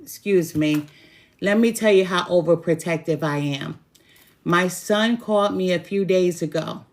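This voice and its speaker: A woman's voice: fairly low pitch, a little slow. A middle-aged woman tarot reader chatting casually and bluntly with viewers, with laughing asides. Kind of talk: casual spiritual chat to viewers.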